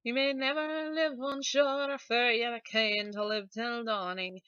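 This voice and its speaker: A woman voicing a creaky little old grandmother, singing folk lines in a put-on Scottish accent. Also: a little high, fairly even intonation, takes it slowly, bright, forceful tone, dry recording, pitched above the performer's own voice. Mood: solemn. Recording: dull lo-fi dry recording.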